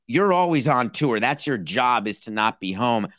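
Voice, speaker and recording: A man's voice: mid-range voice, expressive, normal speed, fairly bright tone, no room sound, studio quality. A man hosting a podcast, asking thoughtful leading questions in an interview. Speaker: podcast host.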